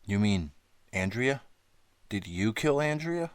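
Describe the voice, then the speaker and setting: A man's voice: lowish voice, big pitch swings, slow pace, dry recording, pitched above the performer's own voice. A man reading an audiobook, voicing a frightened teenage girl held captive, pleading and stammering.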